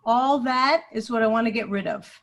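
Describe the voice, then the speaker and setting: Speaking at a moderate pace in a voice on the high side, a woman guides a video-call webinar as a teacher trainer. She explains a computer task step by step in a screen-share tutorial, thinking aloud throughout, recorded through a computer mic.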